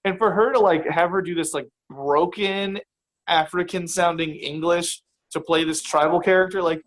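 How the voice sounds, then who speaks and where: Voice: mid-range voice, steady tone, normal speed, poor audio. A podcast guest in casual chat, talking hesitantly with many fillers and restarts.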